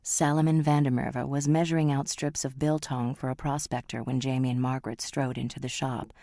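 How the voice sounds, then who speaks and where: Audiobook narrator: woman, very deep, dry, dramatic and measured. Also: little pitch movement, mellow, dry recording.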